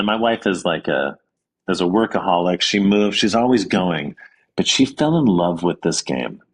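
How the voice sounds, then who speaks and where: Deep-voiced man telling a personal story. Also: fairly bright tone, husky. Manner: earnest, anecdotal, with frequent ums and restarts. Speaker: guest, author. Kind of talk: conversational interview storytelling.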